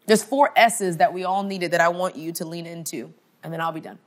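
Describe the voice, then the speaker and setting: A woman speaking to an audience in an emphatic, conversational motivational faith talk. She often checks in with "okay?" and drops her voice softly on key points. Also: fairly low pitch, fairly even intonation, brisk. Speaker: conference speaker.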